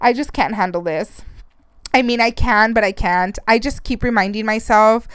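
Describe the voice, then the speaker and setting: A woman's voice: on the high side, moderate pace, fairly bright tone, clean tone, no echo, clean studio sound. Rambling, chatty woman podcast host. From Arizona, United States. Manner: chatty and rambling, swears, mixes in Spanish phrases, laughs often. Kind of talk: casual solo podcast rant.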